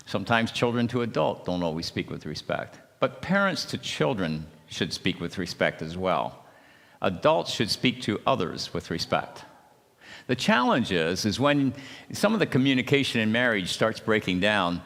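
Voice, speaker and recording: A man with a fairly low voice leads a church marriage seminar. He talks haltingly, restarting his words and often checking in with "okay?". His voice rings out with a long reverb in a church hall. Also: sing-song, gravelly, a bit bright.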